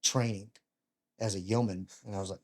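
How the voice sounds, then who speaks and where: A man in his fifties, a retired Navy chief and podcast guest, telling casual stories with animated, self-mocking humor and acting out other people's lines. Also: lowish voice, brisk. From United States. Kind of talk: casual storytelling.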